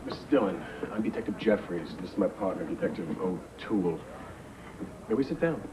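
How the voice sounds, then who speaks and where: An actor playing a blunt, pushy American police detective questioning a witness. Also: male voice, deep voice, animated, fairly quick. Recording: noisy old videotape broadcast.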